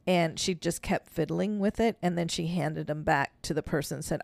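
Gravelly-voiced woman telling a story. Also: fairly low pitch, normal speed, no echo. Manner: animated storyteller, laughs often, acts out quotes. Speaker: podcast co-host. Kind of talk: casual storytelling chat.

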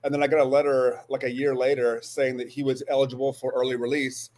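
A man's voice: medium pitch, level tone, fast, darkish tone. A man in his forties, a guest, earnestly telling a personal story with frequent restarts and hesitations. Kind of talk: storytelling interview.

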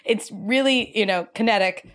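Woman, podcast co-host, casual chat, enthusiastic and animated, mid-pitched voice. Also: normal speed.

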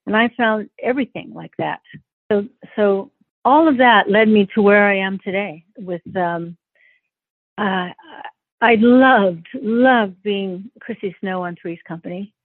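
An older woman from Northern California, an interview guest, earnestly telling a personal story with halting restarts. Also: mid-range voice, no echo. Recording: dry tinny phone-like sound.

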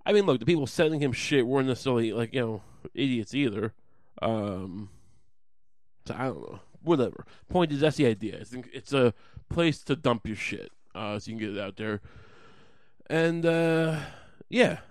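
A man's voice: medium pitch, expressive, moderate pace, no echo. A man delivering a heated, profane rant, often mocking others in sarcastic voices. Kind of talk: ranting monologue.

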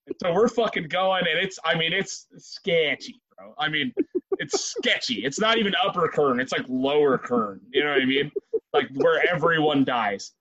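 A man in casual conversation, telling a story in a profane, animated way with frequent laughs. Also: on the high side, normal speed, a crowd in the background. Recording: dry, dull lo-fi sound.

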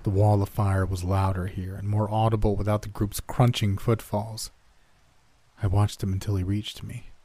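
A man narrating a first-person horror story in a measured, somber way. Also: lowish voice, level tone, dark tone, no room sound.

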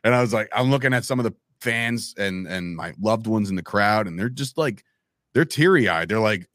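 A man in his thirties talks casually on a podcast, telling stories with animation and slipping into quoted voices. His voice sits low. The sound is close and dry. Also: animated, moderate pace, a bit bright, no room sound. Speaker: podcast guest, wrestling commentator.

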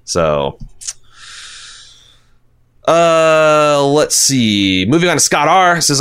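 A man's voice: fairly high pitch, sing-song, extremely slow, long pauses, fairly bright tone, clear, resonant tone. A man hosting a casual podcast discussion, talking in a rambling way with many restarts and fillers. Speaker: podcast host.

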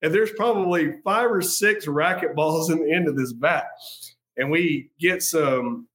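A man's voice: a little high, a little slow, a bit bright. A man telling stories as a podcast guest, laughing often and restarting as he talks. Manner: laughs often, repeats and restarts as he tells the story. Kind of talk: casual storytelling.

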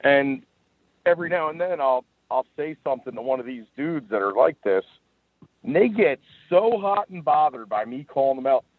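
A man's voice: medium pitch, lively intonation, moderate pace, no echo. A man, co-hosting a podcast in casual chat, telling stories in a wry, laid-back way. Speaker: podcast co-host. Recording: tinny phone-line sound.

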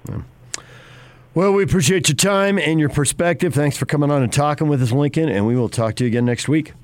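A man's voice: a little high, fairly quick, dry recording. Chatty male sports radio host. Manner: chatty, teasing, laughs often. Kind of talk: casual radio chat.

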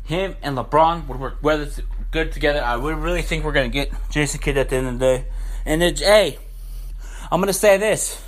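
A young man with a slightly high voice rants on his sports podcast, heated and profane, hammering the same points over and over. He talks straight to his listeners in a loose, unscripted monologue. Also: a little fast. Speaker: podcast host.

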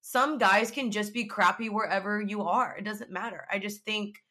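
Young woman, bright voice, chatty storyteller full of "like"s. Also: mid-range voice, normal speed. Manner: chatty, animated, lots of "like" and acted-out quotes. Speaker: vlogger. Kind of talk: casual storytelling.

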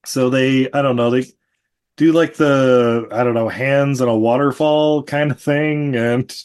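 A man's voice: medium pitch, fairly even intonation, unhurried, darkish tone, clean tone. A man hosting a podcast, chatting casually and laughing often as he retells scenes with quoted asides over a video call. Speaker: podcast host. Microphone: video call microphone.

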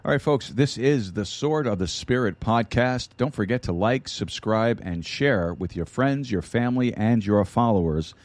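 Low, dark-voiced male podcast host. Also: expressive, moderate pace, hardly any pauses, no room sound. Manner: rambling with frequent fillers and restarts. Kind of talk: casual announcements.

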